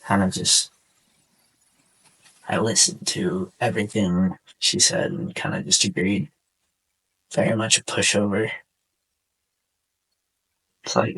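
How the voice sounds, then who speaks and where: Young man, low gravelly husky voice, slow and choked up, podcast host. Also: fairly even intonation, fairly bright tone, poor audio. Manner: subdued, halting, heartfelt. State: sore throat, on the verge of tears. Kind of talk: casual personal monologue over gameplay.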